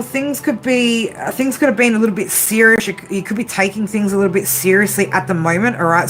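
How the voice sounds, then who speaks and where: A woman with a fairly low voice gives a casual, tired late-night tarot reading. She talks loosely, swears without a second thought and keeps checking in with "right?". A steady hiss of noise sits under the recording. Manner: chatty, swears freely, ends phrases with "right?". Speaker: tarot reader.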